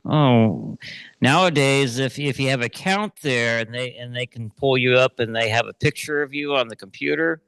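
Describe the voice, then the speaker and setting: A man's voice: medium pitch, normal speed, vocal fry, a bit bright, smooth, dry recording. A man leading a class, talking casually and often repeating himself. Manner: conversational, repeats himself with fillers. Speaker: class teacher.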